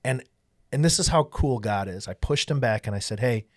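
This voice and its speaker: A man who makes documentaries, telling a story in an earnest, animated way in casual conversation. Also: medium pitch, brisk, dry recording, studio quality. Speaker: documentary filmmaker.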